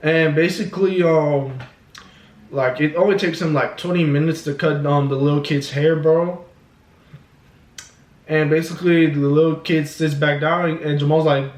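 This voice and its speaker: A man's voice: a little high, fairly even intonation, normal speed. Casual, profane young man telling a story. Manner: casual, profane, filler-heavy. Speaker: vlogger. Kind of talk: storytime vlog. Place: at home. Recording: echoey room.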